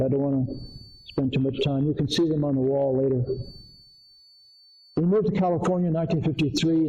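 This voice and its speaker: An older Connecticut man, an artist, gives a seminar talk about his artwork to a live audience in a community arts center meeting room. His voice is a little high and warm, and the audio sounds dull. He rambles through anecdotes, full of fillers and restarts.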